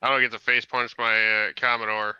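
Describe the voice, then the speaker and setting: A man's voice: mid-range voice, level tone, fairly quick, sharp tone, clean tone, no room sound, dull audio. A man playing a tabletop game in casual chat, blunt and wry, with casual swearing. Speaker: player. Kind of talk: casual tabletop role-play.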